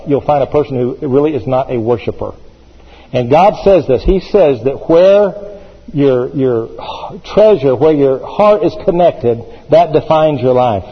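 A man's voice: mid-range voice, slightly rough, big-room sound, muffled recording. A man, a pastor, preaching a sermon with emphasis, repeating phrases as he builds.

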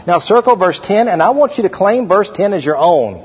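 A middle-aged man preaching a sermon as pastor, slowing down and stressing the scripture verses he reads aloud. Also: high-pitched, big pitch swings, husky. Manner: preaching with slowed, emphatic scripture reading. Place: church sanctuary. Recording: dull, hall-echoed church recording.

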